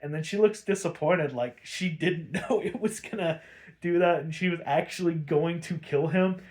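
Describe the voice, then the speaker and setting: A man recaps an episode in loose, rambling sentences and swears freely as he goes. His voice sits a little above the typical male range and stays animated. The delivery is casual, like a host talking to regulars. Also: fairly high pitch, moderate pace. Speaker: podcast host.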